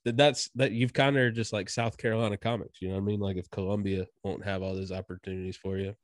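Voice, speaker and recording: Low-voiced man hosting. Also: fairly even intonation, fast talker, no echo, studio quality. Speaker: podcast host. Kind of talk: casual chat.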